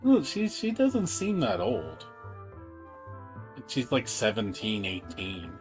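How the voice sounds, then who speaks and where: A man's voice: on the low side, wildly swooping pitch, slow pace, soft background music. A man streaming a game in a casual chat, laughing often and rambling with repeated words.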